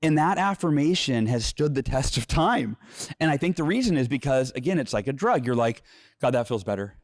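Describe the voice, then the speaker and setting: A middle-aged man, an author guest in an interview, explaining his method with lively energy and often acting out quoted inner voices. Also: a little high, fairly quick, no room sound, clean studio sound. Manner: repeats words when restarting. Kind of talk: conversational interview, teaching.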